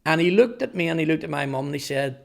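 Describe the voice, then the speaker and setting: Gravelly Northern Irish man in his fifties. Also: on the high side, animated. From Northern Ireland. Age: 50s. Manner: earnest, halting with repeated words. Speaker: testimony speaker. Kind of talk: personal testimony storytelling.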